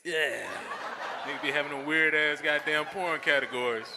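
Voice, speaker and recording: A male host emceeing a comedy show on stage, shouting to the crowd and laughing as he talks. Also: a little high, normal speed. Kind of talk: stand-up emceeing. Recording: reverberant club with faint crowd noise.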